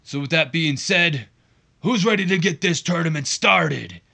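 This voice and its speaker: A man's voice: a little high, lively intonation, measured pace, gravelly, pushed and bright, pitched above the performer's own voice, heavily acted. A man voicing a pompous male wrestling promotion president, delivering a formal announcer-style promo. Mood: grandiose.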